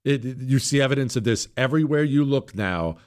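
Hoarse, emphatic talk radio host. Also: male voice, lively intonation, fairly quick. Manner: emphatic, sarcastic, swings between loud jabs and low mutters. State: hoarse, voice nearly gone. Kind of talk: opinionated political talk radio monologue.

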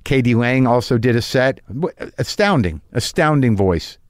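A middle-aged man delivers a casual solo podcast monologue, wandering through his thoughts with lots of fillers and false starts. His voice sits at an ordinary pitch for a man. The sound is dry, with no room echo. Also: lively intonation, moderate pace. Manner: rambling, self-deprecating, many restarts and fillers. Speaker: podcast host.

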